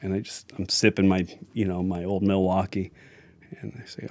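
A man's voice: low voice, flat delivery, moderate pace, darkish tone, no echo. A man telling a family anecdote in a chatty, wry way with side remarks. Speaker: storyteller. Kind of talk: anecdotal storytelling.

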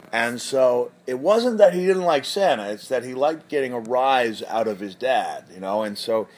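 Rambling middle-aged man telling a story. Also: mid-range voice. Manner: rambling, many fillers and restarts. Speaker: guest storyteller. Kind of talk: casual spoken anecdote.

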